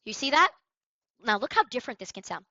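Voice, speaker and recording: A woman sales coach giving an energetic, emphatic training talk on sales calls, with role-play, on a headset. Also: on the high side, fast, no echo, dull audio.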